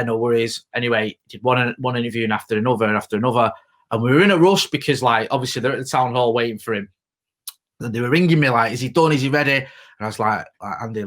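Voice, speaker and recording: Manchester bloke in his 30s, podcast chat, rattles along quick, swears a lot. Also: mid-range voice, fairly bright tone. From Greater Manchester, England. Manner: chatty storyteller, swears freely, laughs often. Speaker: podcast co-host, former reporter.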